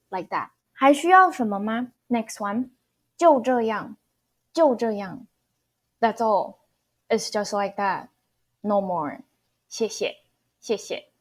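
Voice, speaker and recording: Slow, patient woman teaching. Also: fairly high pitch. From Taiwan. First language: Mandarin. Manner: patient, repeats phrases slowly for learners. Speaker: Mandarin teacher. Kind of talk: online language lesson.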